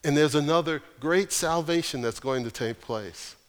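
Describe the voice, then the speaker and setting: Man preaching in a reverberant hall. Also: on the high side. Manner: earnest, emphatic preaching with pauses. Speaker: pastor. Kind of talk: sermon.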